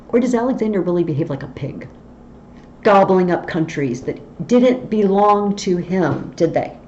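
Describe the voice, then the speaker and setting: In a literature tutorial, a woman teacher explains a play and drops in wry asides. Her voice is lowish and a little mellow, and the recording sounds dull and faintly noisy.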